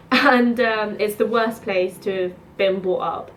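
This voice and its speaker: A woman in her twenties from England, chatting casually to camera and acting out both sides of conversations in quick bursts. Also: mid-range voice, steady tone, a little hiss or hum. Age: 20s. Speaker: vlogger. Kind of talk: casual storytelling vlog. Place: her home.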